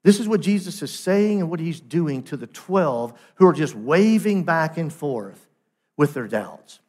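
A man's voice: on the high side, animated, unhurried, a little mellow, husky. A man preaching a sermon as pastor, emphatic, asking rhetorical questions and repeating phrases for emphasis.

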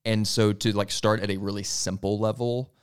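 A man's voice: on the low side, flat delivery, moderate pace, clean tone. A man co-hosting a church podcast, giving casual, practical advice with lots of "like" fillers. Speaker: podcast co-host.

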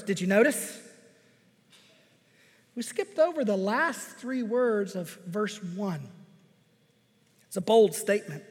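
A man with a high voice delivers a sermon in a hall with a long reverb. He speaks in a measured, emphatic way and uses deliberate pauses. His voice rings through the hall. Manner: measured, emphatic pauses, reads scripture aloud. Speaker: preacher.

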